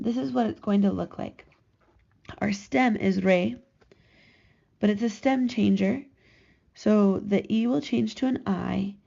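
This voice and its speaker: A woman teaching a recorded Spanish grammar lesson, slowly and carefully drawing out each verb form as she models it. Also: medium pitch, gravelly, warm tone. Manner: slow, careful, drawn-out modeling of conjugations. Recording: slightly dull lo-fi recording.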